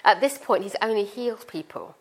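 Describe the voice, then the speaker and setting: A woman's voice: mid-range voice, expressive, fairly quick, slightly rough. A middle-aged woman with a British accent preaching a sermon in a chatty, informal way, explaining through everyday family stories. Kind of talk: conversational sermon.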